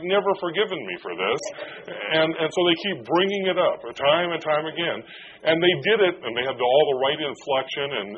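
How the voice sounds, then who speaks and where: A man preaching a conversational sermon as a pastor, joking and self-deprecating as he goes. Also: a little high. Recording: dull lo-fi with faint noise.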